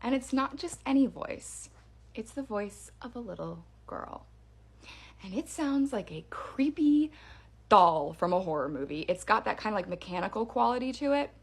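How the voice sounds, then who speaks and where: A woman telling a scary personal story in a casual storytime manner, hushed and dramatic, with many fillers. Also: medium pitch, big pitch swings, moderate pace, creaky, husky.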